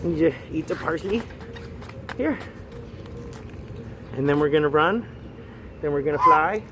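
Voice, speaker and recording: A man volunteering at an animal rescue, chatting casually and calling to the animals in high pet-talk and whoops. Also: lively intonation, measured pace. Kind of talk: casual vlog narration and talking to animals. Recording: noisy outdoor background.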